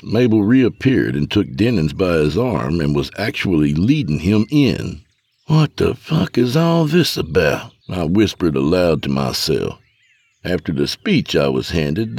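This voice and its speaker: A man narrating a first-person story in an expressive, dramatic reading. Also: sits low, husky, no room sound.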